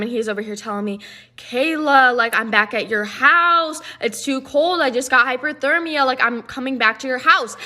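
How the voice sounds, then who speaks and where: A woman's voice: mid-range voice, sharp tone. A young woman telling a rambling, profane personal story in casual chat, full of "like".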